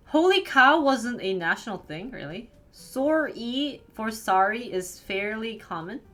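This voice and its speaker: A woman's voice: medium pitch, expressive, a little slow, sharp tone, soft background music. A woman livestreamer chatting casually, reacting to viewer comments with amusement and frequent laughs. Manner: amused, laughs often, muses aloud.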